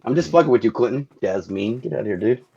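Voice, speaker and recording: A man's voice: medium pitch, expressive, very fast, creaky, warm tone, slightly rough, muffled recording. A man co-hosting a podcast, joking around in crude casual banter about a film. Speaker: podcast co-host. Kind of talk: casual chat.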